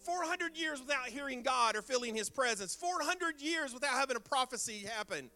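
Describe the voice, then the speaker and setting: With faint music in the background, a male pastor preaches expressively and fairly quickly in church. He hammers his refrains through repetition and swings from loud bursts down to soft, low lines.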